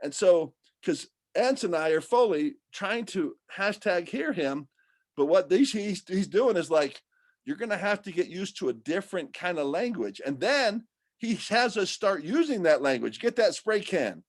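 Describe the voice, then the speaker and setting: A man talking casually and at length about faith and art, rambling and animated, often restarting his sentences. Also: high-pitched, moderate pace, no echo.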